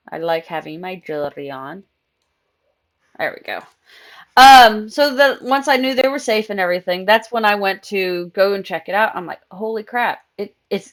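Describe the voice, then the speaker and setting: Chatting casually during a live game stream, a young woman laughs often as she rambles through a story. She speaks at a moderate pace with a medium-pitched voice.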